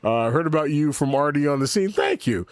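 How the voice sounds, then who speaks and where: A man's voice: on the high side, animated, brisk, no room sound, clean studio sound. A middle-aged man hosting his own podcast in a casual livestream chat, rambling candidly, swearing freely and answering his live chat as he goes. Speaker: podcast host. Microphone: desk mic with camera.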